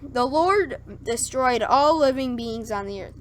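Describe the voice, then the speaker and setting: Woman streamer slowly reading scripture aloud, slightly high voice, lots of little stumbles and self-corrections, faint hum in the background. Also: expressive. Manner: wry skeptical asides. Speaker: livestream streamer.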